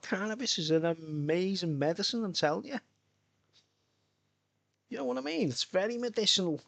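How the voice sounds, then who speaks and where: A man's voice: high voice, lively intonation, normal speed, vocal fry, pauses often, a bit bright, no room sound. A middle-aged man, chatting loosely and swearing on a live stream from home. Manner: swearing, rambling, chatty, laughs a lot. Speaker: livestreamer. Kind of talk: rambling casual live-stream chat.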